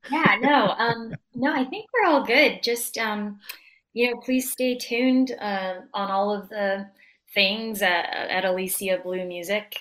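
Slow bright-voiced woman guest. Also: mid-range voice, poor audio. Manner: hesitant, trailing off with fillers. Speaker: musician guest. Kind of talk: casual interview chat.

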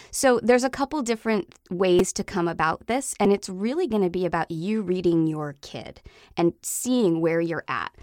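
A woman's voice: lowish voice, dry recording, clean studio sound. Earnest woman giving parenting advice. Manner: earnest, explanatory, steady. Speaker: parenting podcast host.

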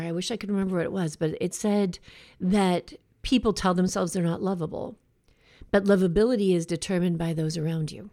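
A woman's voice: medium pitch, vocal fry, mellow. Woman host talking earnestly to listeners, chatty and reflective, drags out the big words. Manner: earnest, conversational, draws out key words slowly. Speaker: podcast host. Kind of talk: reflective motivational talk.

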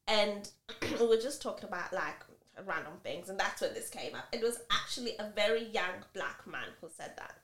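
A woman's voice: mid-range voice, normal speed. A woman co-hosting a podcast, chatting casually and telling stories with many asides. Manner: animated, expressive storyteller with many asides. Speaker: podcast co-host. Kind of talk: casual chat, storytelling. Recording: echoey room.

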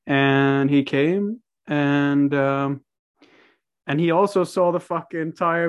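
A man's voice: on the high side, slow pace. A young man from Norway, telling a story as a podcast guest in a laid-back way, swearing and laughing a lot. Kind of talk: casual storytelling.

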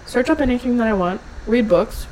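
A woman's voice: a little high, lively intonation, fairly quick, a little mellow, a little hiss or hum, poor audio. A woman in her twenties from New Orleans with a local accent, co-hosting a casual podcast chat in a playful, joking way. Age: 20s. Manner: giggly, playful, jokey. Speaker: podcast co-host.

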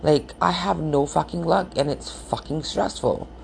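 Woman, low voice, gravelly fry, just woke up, frustrated venting, casual vlog. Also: measured pace, darkish tone, slight background noise. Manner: frustrated, venting, swears often. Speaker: vlogger. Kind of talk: casual morning vlog rant.

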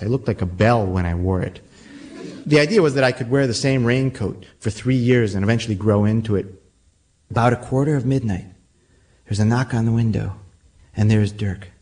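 Guy telling a spooky story out loud, dramatic, builds suspense. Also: fairly low pitch. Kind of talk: oral storytelling performance.

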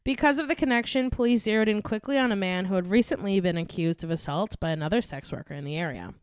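A woman's voice: medium pitch, quick pace, smooth, no echo, clean studio sound. Young woman co-hosting a true crime podcast. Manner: chatty, giggly, reads case notes. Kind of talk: casual podcast chat and case narration.

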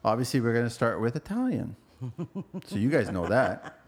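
A man's voice: mid-range voice, sing-song, moderate pace, slightly rough. A man hosting a casual podcast chat, joking and sounding out foreign words. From Portugal. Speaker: podcast host.

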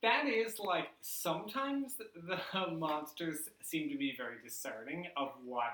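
Bright-voiced man in an echoey room. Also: on the high side, unhurried. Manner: hesitant, thoughtful, many fillers. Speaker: podcast guest. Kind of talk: casual movie podcast chat.

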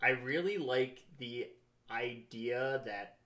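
A man talking as a podcast guest, laid-back and halting, swearing casually. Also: medium pitch, bright, forceful tone.

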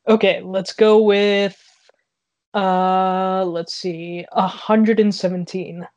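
A man co-hosting a podcast, talking unhurriedly and pausing to think aloud. His manner is easygoing and a bit hesitant. The recording is dry and close-miked. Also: high-pitched, flat delivery, darkish tone, no echo, lo-fi sound. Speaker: podcast co-host. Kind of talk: casual podcast chat.

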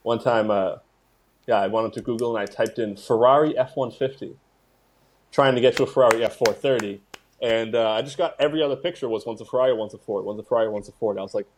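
Husky-voiced man chatting casually. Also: mid-range voice, quick pace. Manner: laid-back, rambling, profane. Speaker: podcast co-host. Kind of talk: casual comedic chat.

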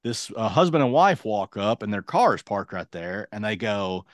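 A man's voice: fairly low pitch, a little fast, few pauses, no echo, clean studio sound. A man in his late thirties telling a long story on a podcast, acting out what everyone said. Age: late 30s. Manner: animated, acts out quoted dialogue. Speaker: podcast host. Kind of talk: casual storytelling.

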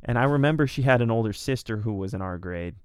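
A man's voice: medium pitch, animated, fast, clean tone, dry recording, clean studio sound. A young man casually telling a rambling, profane, self-deprecating story as a podcast co-host.

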